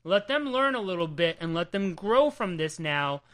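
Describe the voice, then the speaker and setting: A young man with a New Jersey accent chats about comics with a bright, forward tone. He is animated and teasing, and he swears freely. He keeps the talk loose and casual. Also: sits high, moderate pace. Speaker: comic book podcast co-host. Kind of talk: casual chat.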